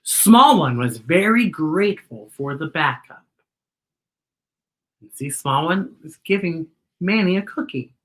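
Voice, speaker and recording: Bright-voiced woman reading to children. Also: sits low, unhurried. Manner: expressive, speaks to children directly. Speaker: children's story host. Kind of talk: read-aloud storytelling for children.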